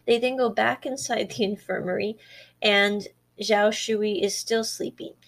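A woman's voice: mid-range voice, fairly even intonation, unhurried, vocal fry. A woman talking casually as she recaps a drama episode and retells its scenes with quoted dialogue. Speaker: drama reviewer.

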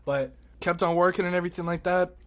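A young man telling a story in casual podcast chat, animated, swearing and laughing, acting out his own shouts. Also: sits high, quick pace.

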